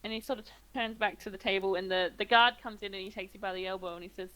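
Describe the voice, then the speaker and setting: A woman's voice: medium pitch, fairly even intonation, fast, few pauses, a bit bright, rough recording. A woman running a tabletop game as game master, improvising with many fillers.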